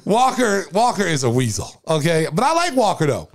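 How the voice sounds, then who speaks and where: A man hosts a podcast in casual chat. He tells stories excitedly and circles back on his own words. His voice sits a bit high for a man. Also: normal speed, gravelly. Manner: excitable, storytelling, repeats himself. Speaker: podcast host.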